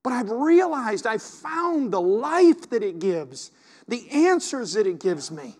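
A man preaching a sermon as pastor, swinging from hushed asides to loud, impassioned exhortation. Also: sits high, animated, measured pace.

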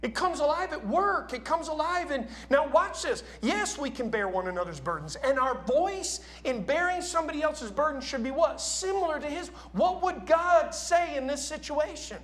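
A man's voice: very high voice, expressive, normal speed, hardly any pauses, fairly bright tone. A man preaching a sermon in a church, talking casually and asking his congregation questions.

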